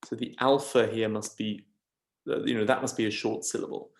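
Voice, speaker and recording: A man's voice: on the low side, little pitch movement, a little fast, reverberant. A man teaching a recorded lesson, explaining step by step in a patient way with frequent ums and checking questions. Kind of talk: recorded video lesson on scanning verse.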